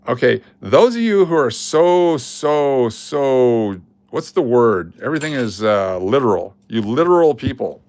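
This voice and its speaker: A man hosting a casual live coin-hunting stream, excitable and chatty with his viewers as he sorts rolls of coins. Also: mid-range voice, a little slow, no echo. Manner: excitable, hypes finds, chats with viewers. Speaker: coin roll hunting livestream host.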